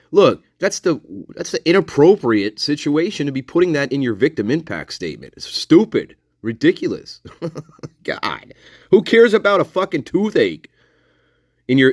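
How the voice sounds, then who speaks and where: A man's voice: mid-range voice, no room sound, studio quality. Man rambling with profanity on a livestream. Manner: profane, rambling, repeats himself. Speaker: livestream host. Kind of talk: casual live commentary.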